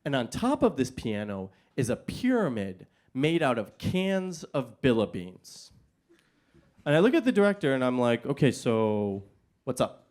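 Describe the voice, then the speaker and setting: A man's voice: medium pitch, big pitch swings, normal speed, darkish tone. A male stand-up comedian telling a self-mocking story on a comedy stage, talking into a stage microphone.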